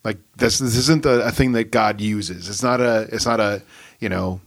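A man's voice: fairly low pitch, steady tone, moderate pace. A man, a pastor, in casual podcast talk, rambling with many fillers and reading scripture aloud.

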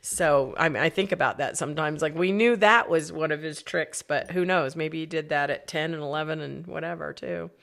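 Middle-aged woman, podcast co-host, chatty animated storyteller, lower voice. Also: fairly quick, gravelly, hardly any pauses. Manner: animated storyteller, laughs often, acts out quoted voices. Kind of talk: casual storytelling chat.

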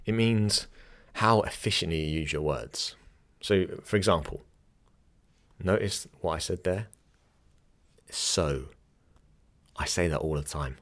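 A young man with a low voice speaks a little slowly as he hosts his podcast and talks about teaching yoga. The conversation is casual and chatty, full of self-corrections and easy laughter.

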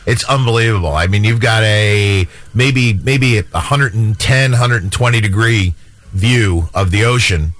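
A man's voice: lowish voice, a little slow, fairly bright tone, no echo. An older man, a radio co-host, telling stories in casual chat.

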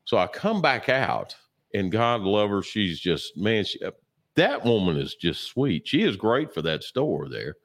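A man chatting as a co-host, telling stories in a rambling way with lots of fillers and throat clearing, sore and a bit sluggish. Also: fairly low pitch, very animated, a little slow. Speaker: podcast co-host. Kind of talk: casual chat.

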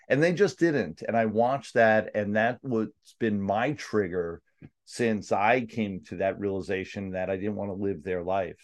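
A man's voice: on the low side, darkish tone. Earnest New man hosting a podcast. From Staten Island, New York. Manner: earnest, reflective, with restarts. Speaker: podcast host. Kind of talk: conversational interview.

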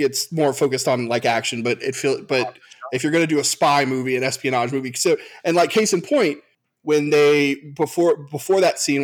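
A man in a mid-pitched voice talking on a podcast panel. He works through his argument at length, stopping and restarting as he goes. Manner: explains at length, halting restarts. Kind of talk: casual chat.

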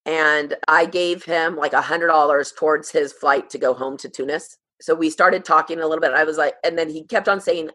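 A woman in her thirties, a podcast guest, telling a personal story in a halting, emotional way with many fillers. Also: low voice, fairly even intonation, a bit bright.

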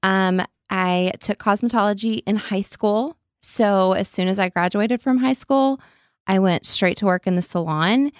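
A woman's voice: mid-range voice, a little slow, clear, resonant tone, no echo. A woman in her forties with a West Texas accent, a podcast guest talking casually in a studio with lots of energy and blunt frankness. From Lubbock, Texas. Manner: energetic, blunt straight talker. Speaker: guest, beauty entrepreneur. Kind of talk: casual interview chat.

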